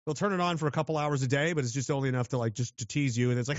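A man's voice: mid-range voice, racing, no room sound, dull audio. A man from western Canada, ranting sardonically and profanely while reading chat on a livestream. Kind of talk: rambling livestream rant.

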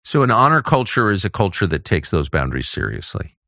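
A man's voice: fairly low pitch, very animated, brisk, bright, forceful tone, no echo, highs cut off. A man hosting a podcast, chiming in with short agreements and clarifying questions. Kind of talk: casual podcast conversation.

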